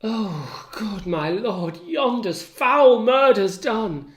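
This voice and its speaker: A man's voice: animated, extremely slow, full character voice. A man voicing a loyal, outraged maidservant in a raised voice, crying out in alarm. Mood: urgent. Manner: high, cries out in alarm. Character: loyal, outraged female servant, middle-aged. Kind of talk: dramatic reading of a play.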